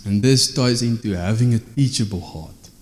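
A man's voice: on the low side, moderate pace, in a large hall. A man, preaching an informal teaching sermon in a conversational way, often checking in with tag questions.

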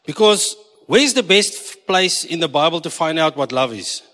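A South African pastor preaches a sermon in a church hall, joking with his congregation and switching between South African English and Afrikaans. His voice is fairly high, animated, bright, and forceful at a moderate pace, with long hall reverb on the recording.

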